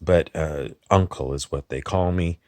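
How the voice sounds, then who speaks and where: Low-voiced man in a rambling comic monologue. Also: darkish tone, no room sound. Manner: meandering, halting, drifts off topic. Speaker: comedy channel host in character.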